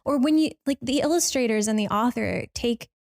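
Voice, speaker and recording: A woman's voice: fairly high pitch, fairly quick, creaky, darkish tone. A woman co-hosting a podcast, chatting casually and enthusiastically, with rambling sentences full of "like". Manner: enthusiastic, rambling, lots of fillers. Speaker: podcast producer and co-host. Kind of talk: casual chat.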